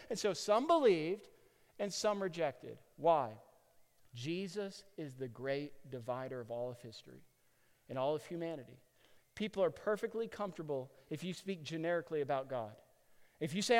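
A man preaching a sermon, telling stories with animation and building to loud peaks. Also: high voice, expressive, moderate pace, clear, resonant tone. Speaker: pastor. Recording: long hall reverb.

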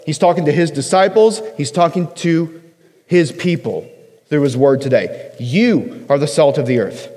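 A man's voice: fairly high pitch, animated, a little slow, darkish tone. A man preaching a sermon in a casual, joking style, hitting single words hard for emphasis. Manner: conversational preaching with joking asides. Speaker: pastor. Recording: long hall reverb.

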